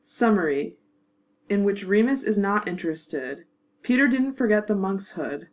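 A woman narrating a fanfiction audiobook in a measured, wry storytelling manner. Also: medium pitch, expressive, rough recording. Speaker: narrator and producer.

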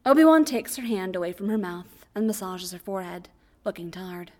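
A woman narrating fan fiction aloud as an audiobook, in a quiet, even storytelling voice. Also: mid-range voice, fairly quick.

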